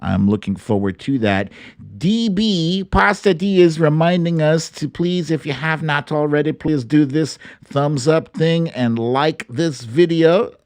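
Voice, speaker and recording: A man's voice: fairly high pitch, measured pace, darkish tone, no echo. A man hosting a casual live stream, chatting with viewers and laughing often. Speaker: livestream host reading his own book.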